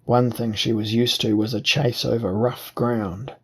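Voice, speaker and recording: A man narrating an audiobook in a measured, deliberate reading. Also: medium pitch, little pitch movement, gravelly, darkish tone, breathy edge. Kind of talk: scripted narration.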